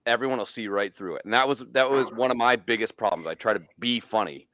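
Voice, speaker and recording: Ny dude in his 30s cohosting a podcast, animated storytelling, lots of swearing, dead dry sound. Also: fairly low pitch, fast talker, no room sound. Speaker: podcast co-host. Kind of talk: casual banter.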